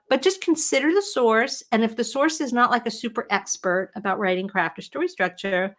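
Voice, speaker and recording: Bright, chatty woman writing coach. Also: a little high, normal speed. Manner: chatty, animated, answers viewer questions. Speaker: writing coach hosting a livestream. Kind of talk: casual livestream talk to viewers. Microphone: webcam or computer mic at home.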